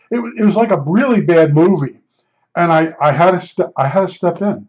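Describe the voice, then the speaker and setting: Older man, slightly higher voice, rambling blunt storyteller, dull lo-fi sound. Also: a little fast, a little mellow. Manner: rambling, repeats himself, blunt and emphatic. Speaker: podcast storyteller. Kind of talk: casual spoken storytelling.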